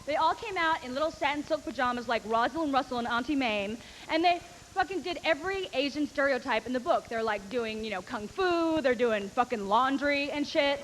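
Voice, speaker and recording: A woman's voice: high voice, lively intonation, fairly quick, fairly bright tone, big-room sound, a little hiss or hum, low-quality recording. A woman doing a stand-up comedy routine, telling brash, profane, rambling stories and acting out other people's voices. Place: comedy stage before a live audience.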